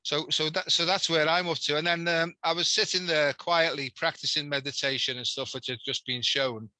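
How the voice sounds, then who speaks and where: Liverpool man as a chatty guest, fairly high and very bright, close dry sound, lively storytelling with asides. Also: moderate pace, no echo, rough recording. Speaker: guest, healer. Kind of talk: casual chat.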